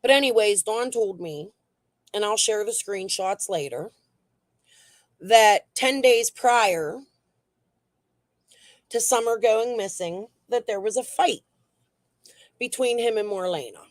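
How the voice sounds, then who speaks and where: A woman's voice: mid-range voice, takes it slowly, pauses often, dry recording. A woman hosting a casual true crime livestream and reading the chat, talking in a blunt, heated way that is full of swearing.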